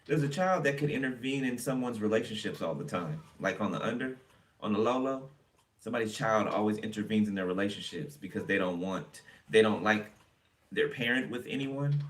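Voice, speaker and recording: A man's voice: on the low side, animated, a little fast, recorded from a distance. A man giving a casual tarot reading for viewers, chatty and blunt, swearing freely as he turns the cards. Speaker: tarot reader.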